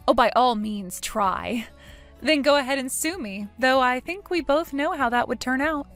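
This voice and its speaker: A woman narrates a scripted first-person story, cool and composed, with dry sarcasm in her delivery. Her voice sits a bit high and moves lively between lines. Faint music runs beneath her. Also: moderate pace.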